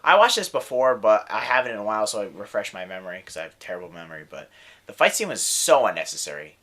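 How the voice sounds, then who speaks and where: Young dude rambling about a comedy, bright voice, says like a lot. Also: male voice, on the low side, sing-song, quick pace. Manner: rambling, enthusiastic, lots of "like" and "dude". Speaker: podcast co-host. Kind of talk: casual film review chat.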